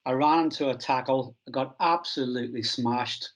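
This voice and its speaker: A middle-aged man from Northern Ireland, a strength coach telling stories from his career in a relaxed, self-deprecating interview. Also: mid-range voice, normal speed, muffled recording. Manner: anecdotal, self-deprecating, acts out quoted dialogue.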